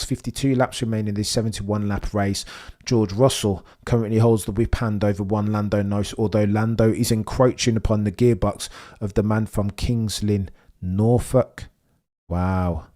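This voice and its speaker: Excitable man live-streaming race commentary. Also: on the low side. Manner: theatrical, wordy, swings from grumbling to excited shouting. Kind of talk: live watch-along commentary.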